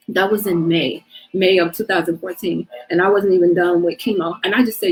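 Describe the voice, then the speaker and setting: A woman's voice: mid-range voice, fairly even intonation, fairly quick, poor audio. A middle-aged woman hosting her own show, telling a personal testimony of faith in a casual, emotional way, with lots of "you know". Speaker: host sharing her testimony.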